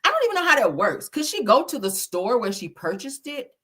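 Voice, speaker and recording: A woman's voice: fairly high pitch, very animated, fairly quick, bright, forceful tone, husky. A woman hosting a casual chat, reading live comments in a sassy, dramatic way and swearing often. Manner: sassy, dramatic, swears a lot, calls viewers baby and child. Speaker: host.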